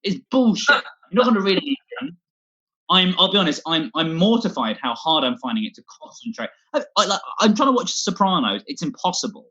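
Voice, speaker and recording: A man's voice: high-pitched, sing-song, brisk, bright, forceful tone, dull audio. A man doing a scattered, self-deprecating stand-up set from home, swearing a lot as he talks. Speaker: stand-up comedian. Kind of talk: rambling online stand-up set.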